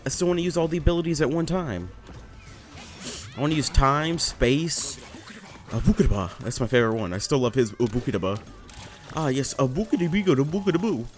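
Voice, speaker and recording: A man's voice: mid-range voice, a little fast, faint music behind. Rambling young man commenting on his gameplay. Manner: rambling, self-deprecating, swears often. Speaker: let's play gamer.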